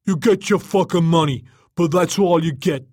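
A crude, tough bouncer yelling and cursing at full force, as a male narrator acts him out. The voice is raised and husky, recorded close and dry. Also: on the high side, moderate pace, no room sound, pitched above the performer's own voice, close to an everyday voice. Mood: furious. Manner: shouting, cursing.

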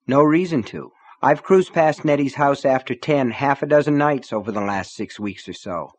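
An easygoing small-town lawman with a dry, teasing way of talking, as a man reads him. His voice sits at a middle pitch, and the sound is close and dry. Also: moderate pace, no echo, lightly acted.

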